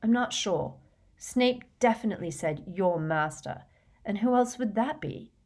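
A woman's voice: medium pitch, lively intonation, unhurried, darkish tone, pitched above the performer's own voice. A woman voicing a stubborn, easily exasperated teenage boy wizard in an audiobook. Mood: puzzled.

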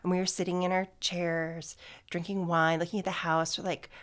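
A middle-aged woman telling a personal story in casual chat, chatty and warm, laughing often. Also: lowish voice, flat delivery, normal speed, no room sound. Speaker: guest.

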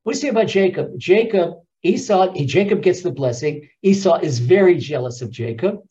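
A man gives a scripture lesson in a lively, storytelling way, his pitch swinging widely. He repeats key phrases and often restarts mid-sentence. The recording sounds dull and lo-fi. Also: brisk. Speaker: Torah teacher. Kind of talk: animated storytelling lecture.

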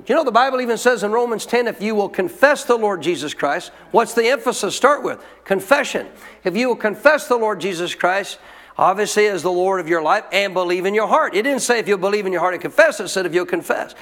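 His high, expressive voice moves fast and sounds a bit bright as the pastor presses his message with pointed rhetorical questions. Everything echoes with lengthy hall reverberation.

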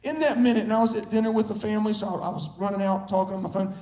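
High-voiced preaching man in an echoey room. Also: steady tone, racing. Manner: emphatic preaching that builds to shouts. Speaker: pastor. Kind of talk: sermon.

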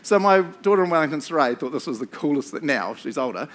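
A middle-aged man, preaching a casual storytelling sermon and shouting out re-enacted moments. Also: on the high side, lively intonation, fast talker. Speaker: pastor.

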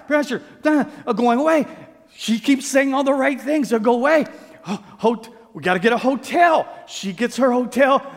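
A man preaching a sermon as pastor, telling stories with acted-out quotes and playful asides. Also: extremely high pitch. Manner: animated storytelling, acts out quotes, playful asides. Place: church sanctuary. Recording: reverberant sanctuary sound.

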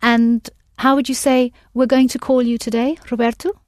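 A woman's voice: on the high side, level tone, normal speed, a little mellow, no echo, studio quality. A woman teaching a language lesson, patiently prompting her students with questions.

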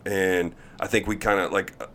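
A man, a guest on a podcast, chatting casually and telling animated stories, laughing often and acting out the voices of others. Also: low-pitched, normal speed. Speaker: podcast guest, pro baseball pitcher. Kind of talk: casual chat, animated storytelling.

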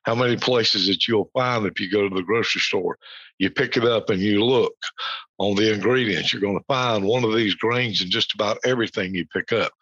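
An American man hosts a podcast, talking informally and educationally about a news topic, rambling with many fillers and restarts and reading quotes aloud. His voice is on the low side, brisk, and fairly bright, in a dull, lo-fi, dry recording with no room sound.

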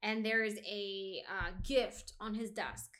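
A woman chatting casually about a book, animated and swearing freely, acting out the characters' lines as she retells them. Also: medium pitch, slow, smooth. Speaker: podcast co-host discussing a book. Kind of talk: casual chat.

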